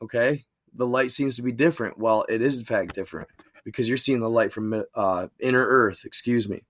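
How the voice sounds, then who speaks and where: A man's voice: mid-range voice, brisk, a bit bright, dry recording, clean studio sound. Man reading a diary with chatty asides. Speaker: channel host reading a document aloud. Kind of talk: reading a diary aloud with casual commentary.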